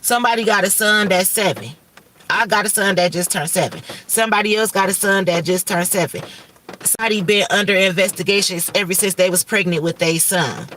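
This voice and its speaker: A woman's voice: medium pitch, fairly quick, a bit bright, recorded from a distance. A woman hosts a livestream, declaring visions in urgent, repetitive, profane bursts. Her voice sits a little away from the mic, and faint noise hums underneath. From Michigan. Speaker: livestream host giving spiritual visions. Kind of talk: rambling prophetic livestream talk.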